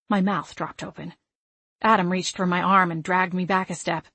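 A woman narrating a first-person novel with an expressive, emotional reading. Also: lowish voice, normal speed, slightly rough, no echo. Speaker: audiobook narrator.

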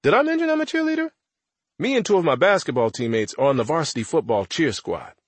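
A man's voice: mid-range voice, husky, dry recording. A man narrating an audiobook in the first person as a teenage boy, with a wry, conversational delivery.

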